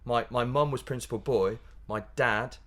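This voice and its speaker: Animated man, laughing a lot. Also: mid-range voice, normal speed. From Yorkshire, England. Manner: animated, laughing, many restarts. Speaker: pantomime comedian guest. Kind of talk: casual interview chat.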